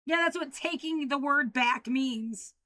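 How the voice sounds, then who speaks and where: An upset, frightened woman ranting and swearing, swinging between low muttering and loud outbursts. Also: unhurried, no echo, clean studio sound. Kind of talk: agitated personal video rant.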